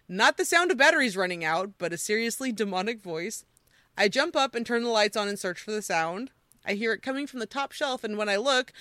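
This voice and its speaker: A woman hosting a podcast, chatting casually and reading creepy stories aloud with animated quoting. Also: mid-range voice, no room sound, clean studio sound. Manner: animated storyteller, quoting with voices. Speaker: podcast host.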